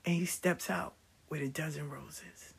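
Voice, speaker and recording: A middle-aged woman telling stories about her life in a casual, blunt and animated way, swearing freely. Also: deep voice, measured pace, vocal fry, husky. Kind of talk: casual storytelling.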